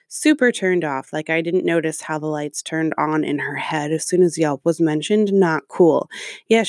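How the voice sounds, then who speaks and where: A woman's voice: sits low, dry recording, clean studio sound. A woman reading a customer review aloud and breaking off into sarcastic, profane rants about it. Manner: sarcastic, profane, exasperated asides. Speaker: commentator reacting to a review. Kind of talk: reading aloud and ranting commentary.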